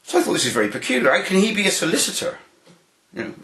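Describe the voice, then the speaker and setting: A man's voice: high-pitched, very fast. Roomy-sounding man telling anecdotes. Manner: animated, repeats words when starting a phrase. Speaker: interviewee. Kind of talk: anecdotal storytelling.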